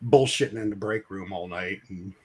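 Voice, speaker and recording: A man telling a crude work story in casual chat, acting out the shouting of his coworkers. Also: low voice, moderate pace, slightly rough. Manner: animated, acts out shouting coworkers.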